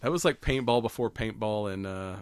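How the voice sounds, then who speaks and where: A man's voice: lowish voice, fairly quick, clean tone, dry recording. Swearing, laughing man recapping a movie. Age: adult, has kids. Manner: retells scenes with quoted character lines, swears freely, laughs often. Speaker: podcast co-host. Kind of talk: casual chat, movie recap.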